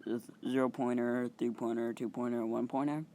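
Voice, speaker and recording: A male channel host casually improvising a story, halting and rambling with many fillers and some mild swearing. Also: medium pitch, little pitch movement, warm tone.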